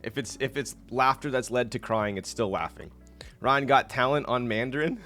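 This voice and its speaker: A man's voice: mid-range voice, normal speed, a bit bright, soft background music. A young man casually chatting on his live stream, laid-back and rambling, laughing often and reading chat aloud.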